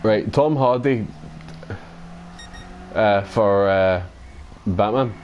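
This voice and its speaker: Scottish man, lowish voice, rambling sweary gamer chat during play. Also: extremely slow, a little mellow, highs cut off, slight background noise. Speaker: gaming channel host. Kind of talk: casual chat while playing a racing game.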